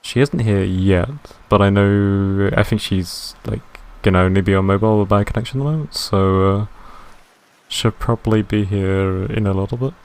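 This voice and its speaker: A man streaming a game live, reading its narration in a deadpan way and chatting with viewers. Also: fairly low pitch, moderate pace, clean tone.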